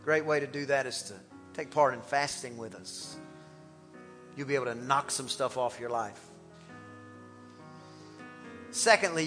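A man preaching an animated, exclamatory sermon as pastor of a church. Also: medium pitch, big-room sound.

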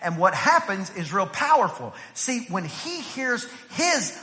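A man preaching in a church, his voice very high and ringing bright. He tells family stories and climbs to shouts, with a long reverb from the hall trailing his words. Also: big pitch swings, a little slow. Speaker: pastor. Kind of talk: sermon. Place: church sanctuary.

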